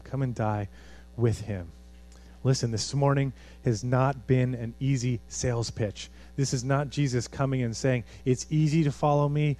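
Earnest pastor preaching. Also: male voice, medium pitch, normal speed, slight background noise. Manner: earnest, swings from animated to hushed. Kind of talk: sermon.

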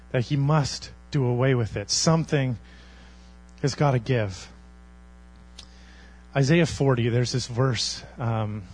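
A man preaching a sermon as a pastor, earnest, swinging between loud emphasis and quiet intensity. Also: a little high.

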